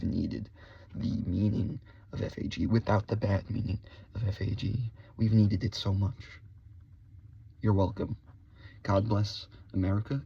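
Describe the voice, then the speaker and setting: Low gravelly male voice, very husky and dark, comic ranter, dull lo-fi sound. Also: steady tone, unhurried, pauses often. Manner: mock-serious, swings between whispered and loud; spells out words letter by letter. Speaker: video creator. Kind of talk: comedic rant to camera. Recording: dull lo-fi recording.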